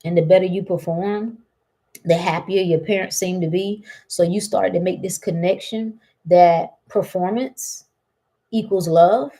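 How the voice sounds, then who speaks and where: A woman's voice: lowish voice, a little slow. Woman doing a casual spiritual pep talk, teasing, laughs a lot, keeps asking who told you that. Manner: animated, teasing, laughs often, rhetorical questions.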